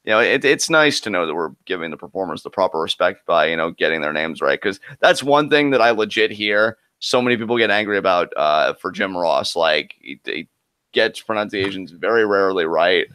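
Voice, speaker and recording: A man's voice: low-pitched, expressive, a little fast, pushed and bright, smooth, dry recording. A man co-hosting a live wrestling reaction stream, giving casual, joking play-by-play commentary.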